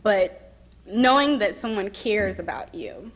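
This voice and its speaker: A young woman speaking at a summit and telling her own story in an emotional testimony, softly, with pauses and restarts. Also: mid-range voice, expressive. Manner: soft-spoken and emotional, pausing and restarting. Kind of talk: personal testimony speech. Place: summit event.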